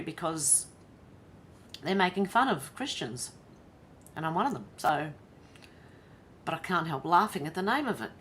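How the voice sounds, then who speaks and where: A woman's voice: on the low side, fairly bright tone. An Australian woman hosting a livestream from home, reading news aloud and reacting with exasperated, incredulous commentary. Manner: exasperated, incredulous, breaks into laughter. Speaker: livestream host.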